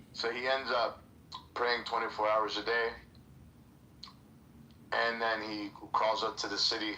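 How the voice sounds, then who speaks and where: Bright-voiced rambling male storyteller. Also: on the low side. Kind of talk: casual chat, storytelling. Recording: echoey room, some noise.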